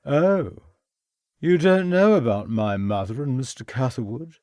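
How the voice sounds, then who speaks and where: A tipsy young toff slurs and rambles cheerfully in a lively, bouncing voice, as a male narrator puts him on. He talks a little higher and louder than the narrator's own voice, in a dry, close audiobook recording. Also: unhurried, no room sound. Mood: confiding. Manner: slurring, chatty, self-pitying. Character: tipsy, rambling young upper-class man.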